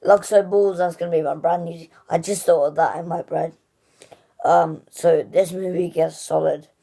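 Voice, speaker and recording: A woman's voice: sits low, creaky, warm tone. A woman hosting a casual spoken movie review, gushing and rambling with lots of "like" and restarts.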